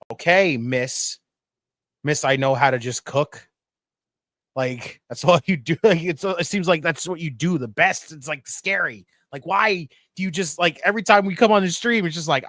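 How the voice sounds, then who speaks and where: Profane, excitable male stream host. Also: a little high, moderate pace, dry recording, clean studio sound. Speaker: podcast host. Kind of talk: casual watch-party chat.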